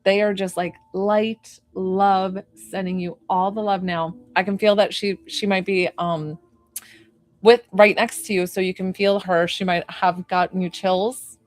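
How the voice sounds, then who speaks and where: A young woman working as a psychic medium, chatting to viewers on a live stream in a gushing, bubbly way, full of "like" and excited squeals. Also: medium pitch, a little slow. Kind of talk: live-stream reading and chat.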